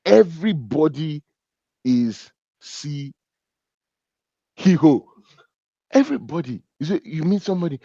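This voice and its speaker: A man with a Nigerian accent giving a humorous, animated business talk, joking and teasing as he tells stories. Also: a little high, measured pace, long pauses, no room sound, dull audio. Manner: animated and joking, laughs at his own stories. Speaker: business speaker.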